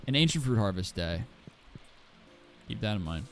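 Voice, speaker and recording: Animated guy streaming a farm game, jumpy voice, faint music in the back. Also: on the low side, moderate pace, long pauses. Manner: animated, exclaiming, talks to chat. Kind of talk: casual gameplay commentary.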